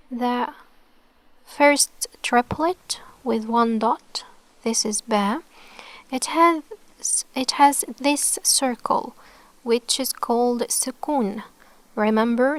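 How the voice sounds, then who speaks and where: Slow, patient woman teaching letters. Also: on the high side, no room sound. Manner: patient, repeats sounds slowly, often checks with "okay?". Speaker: Arabic teacher. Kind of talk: online alphabet lesson.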